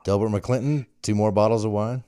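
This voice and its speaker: A man with a lowish, smooth and clear voice talks casually with a friend on a recorded call. He is easygoing and unhurried, laughing often and drifting through fillers before he finishes a thought. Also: steady tone, warm tone, no room sound, clean studio sound. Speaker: podcast host. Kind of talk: casual phone chat. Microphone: recorded phone call.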